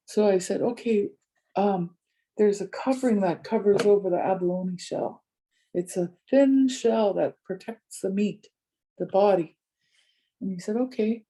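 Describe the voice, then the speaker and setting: An older woman speaking as a community elder, recounting a story and acting out both sides of each conversation. Her voice is very mellow and dark, with a husky edge. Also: mid-range voice, a little slow. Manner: animated retelling with many quoted exchanges. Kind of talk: storytelling talk.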